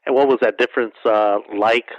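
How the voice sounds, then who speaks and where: A man's voice: mid-range voice, steady tone, a little fast, no room sound. A man interviewing a guest, asking long rambling questions full of fillers. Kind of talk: casual interview. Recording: dull, dry lo-fi sound.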